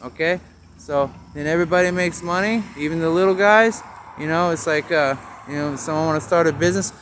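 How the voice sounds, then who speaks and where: A man with a slightly raised pitch rambles from one thought to the next, punning on store names as he goes. He is recorded outdoors on a town street, with a faint wash of traffic behind him. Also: fairly quick, fairly bright tone. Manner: rambling, free-associating, wordplay on signs.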